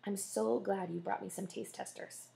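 A woman voicing a loud, bossy and affectionate mother who runs a restaurant, speaking emphatically. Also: mid-range voice, fairly even intonation, moderate pace, creaky. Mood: bossy warm. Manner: commanding, emphatic.

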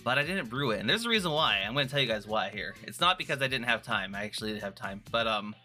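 A man's voice: on the low side, animated, quick pace, bright, forceful tone, soft background music. A man chatting casually on a live stream, playful and rambling, often restarting his sentences. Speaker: vtuber streamer.

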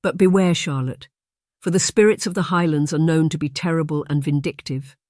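Kindly older aunt in a storybook romance, whispery and gentle, voiced by the narrator, dry and close. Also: mid-range voice, fairly even intonation, fairly quick, dry recording, close to an everyday voice. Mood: hushed warning. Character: kindly soft-spoken aunt from Yorkshire, older woman.

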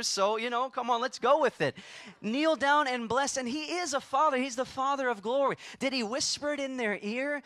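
Bright, emphatic male preacher. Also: high-pitched, no echo. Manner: emphatic, repeats phrases, calls for responses from the congregation. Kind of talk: sermon. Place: church sanctuary.

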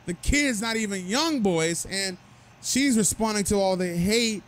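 A man's voice: sits high, a little slow. A man hosting a gossip commentary video, telling the story with mocking asides to viewers. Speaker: commentary host.

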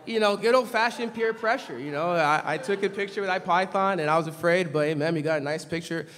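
A very high-pitched man from Los Angeles preaches from a church pulpit, his voice ringing out with a long hall reverb. He shouts key points with force, then drops into casual, funny stories. The tone is bright and cutting. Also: fast talker. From Los Angeles, California. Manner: animated preaching, shouting for emphasis, humorous storytelling asides. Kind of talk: sermon.

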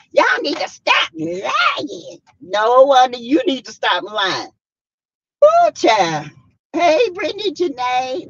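A woman's voice: a little high, fairly bright tone, dry recording, lo-fi sound. A woman with a Southern American accent hosting a casual live stream, reading out viewer comments, laughing often and talking with plenty of sass. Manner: sassy, laughs often, greets viewers by name. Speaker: YouTube live stream host.

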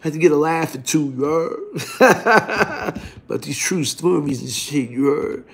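A man from Brooklyn speaks in a raised, high register. He rambles in a raw street monologue, cursing freely and circling back with the same tag questions again and again. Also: expressive, unhurried, vocal fry, fairly bright tone. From Brooklyn, New York. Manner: streetwise, profane, repeats "you heard?" tags. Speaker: vlogger.

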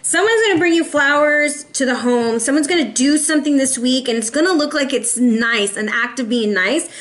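A woman with a fairly high voice gives a casual tarot reading, chatting with her viewers and calling them y'all. Her delivery is loose and animated, and she drops in the odd Spanish word. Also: normal speed. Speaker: tarot reader.

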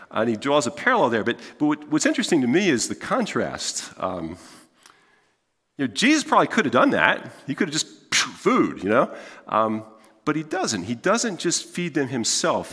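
A man's voice: medium pitch, bright, forceful tone. A middle-aged man, giving a conversational sermon as pastor, chatty and full of fillers and restarts, chuckling now and then. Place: large church sanctuary. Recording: long church reverb.

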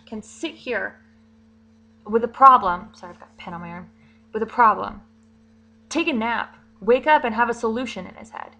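A woman's voice: fairly high pitch, a bit bright, low-quality recording. A young woman vlogging casually, chatty and rambling, with fillers and little giggles. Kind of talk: casual vlog monologue.

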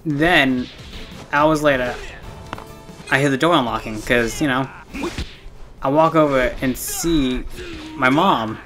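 A young male streamer tells a long, rambling story while he plays. His voice sits at an ordinary middle pitch. He leans hard on fillers and swearing, and soft music runs underneath. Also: slow, long pauses. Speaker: gaming streamer. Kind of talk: casual storytelling while playing a game.

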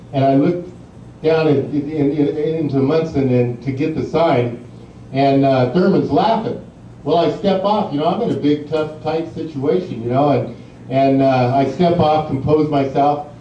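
His voice runs on the high side with a dark tone as this middle-aged man delivers a storytelling speech as guest speaker at an induction ceremony, rambling, filling gaps with fillers and laughing at his own stories. A large banquet hall makes the recording distant, muffled and echoey, and there is slight background noise.

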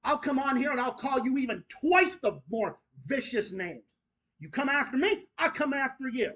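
A man's voice: very high voice, sing-song, moderate pace, fairly bright tone. A man hosting his own channel, delivering an angry, profane, repetitive rant that goes straight at his critics. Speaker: channel host.

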